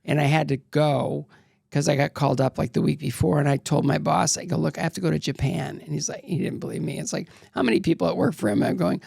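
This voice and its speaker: Gravelly man telling stories in an interview. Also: a little high, fairly even intonation, fast, a little mellow, dry recording, clean studio sound. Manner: candid, rambling, acts out quoted voices. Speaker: interview guest, former figure skater. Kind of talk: casual storytelling interview.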